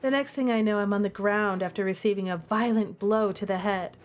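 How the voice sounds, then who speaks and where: A young woman reading a dating-sim game aloud and reacting with excited, gushing commentary. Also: moderate pace, faint music behind. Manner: excitable and gushing, with big pitch jumps. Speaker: streamer playing a dating sim.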